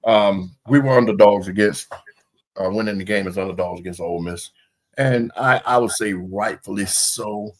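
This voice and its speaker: A man co-hosting a casual sports podcast, boastful and quick to argue about his team. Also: on the low side. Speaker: podcast co-host.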